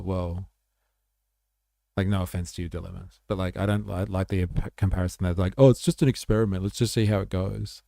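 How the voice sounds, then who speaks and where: A man's voice: low voice, gravelly, darkish tone, no room sound, studio quality. A man, hosting a casual livestream and chatting bluntly with viewers, swearing freely and peppering his talk with fillers. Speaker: livestream host. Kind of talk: casual livestream chat, reading viewer comments.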